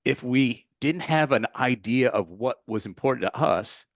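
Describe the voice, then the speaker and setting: A man's voice: medium pitch, lively intonation, unhurried, no room sound, clean studio sound. A man, a meditation teacher, answering as a podcast guest in an earnest, heartfelt way, with fillers and restarts. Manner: earnest, heartfelt, with filler words and self-corrections. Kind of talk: casual storytelling in an interview.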